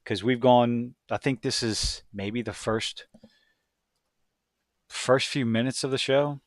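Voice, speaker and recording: A man's voice: medium pitch, steady tone, takes it slowly, dry recording, studio quality. A man talking casually as he reviews a show, blunt and rambling, with self-deprecating asides.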